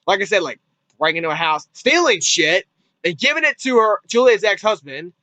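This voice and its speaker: A man's voice: high voice, very animated, a little fast, sharp tone, no echo, low-quality recording. A man giving a casual spoken movie review, rambling and repeating himself, with casual swearing.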